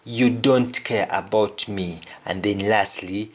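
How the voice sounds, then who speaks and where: A man's voice: fairly low pitch, takes it slowly, breathy edge. A man teaching a language lesson, repeating each word several times as he explains it. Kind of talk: spoken lesson on patois phrases.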